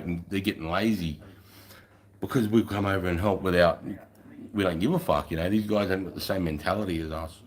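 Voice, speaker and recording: With a very low voice, a man tells a crude, boastful story packed with swearing. He talks a little fast, casual and swaggering, like a rowdy anecdote shared among mates.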